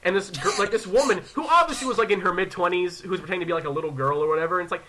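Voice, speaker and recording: A man in his twenties, a podcast host, telling a story in casual, profane, animated chat and acting out other people's lines. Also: high-pitched, rapid-fire, slight background noise. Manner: animated, profane, acts out quoted voices.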